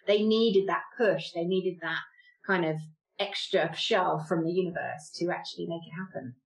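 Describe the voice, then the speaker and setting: Low-voiced woman hosting a podcast. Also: creaky, poor audio. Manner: empathetic, affirming, quick to murmur agreement. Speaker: podcast host. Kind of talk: conversational interviewing.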